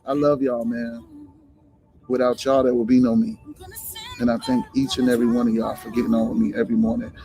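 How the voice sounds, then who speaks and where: A man's voice: medium pitch, flat delivery, fairly quick, dark tone, faint music behind. A man hosting a live stream, talking bluntly and profanely, firing rhetorical questions. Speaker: livestream host. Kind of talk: blunt motivational live talk.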